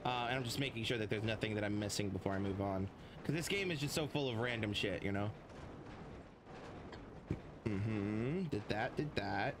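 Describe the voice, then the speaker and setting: A man's voice: on the low side, moderate pace, long pauses, background noise. A man casually commenting on his gameplay as a streamer, rambling and swearing freely.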